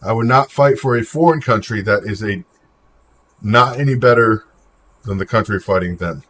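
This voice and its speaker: Here a male streamer with a lowish, fairly bright voice talks at a moderate pace, with a little background noise. Casual and full of opinions, he responds to viewers' comments and names them as he goes.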